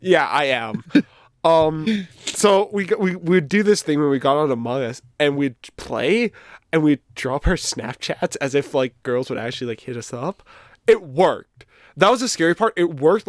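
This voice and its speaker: A man's voice: a little high, animated, normal speed, no echo, studio quality. A young man guest on a podcast, rambling with embarrassment and swearing as he tells a story. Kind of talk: casual chat.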